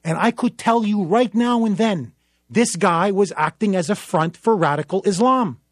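A man's voice: high voice, moderate pace, dry recording, studio quality. A man, a newspaper columnist, telling a story in an impassioned public speech, emphatic and dramatic. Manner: emphatic, dramatic, building to forceful peaks.

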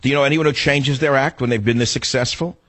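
A man hosting a talk radio show in a combative, ranting monologue, his voice rough from being sick and jumping high when he gets riled. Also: fairly even intonation, quick pace, a bit bright.

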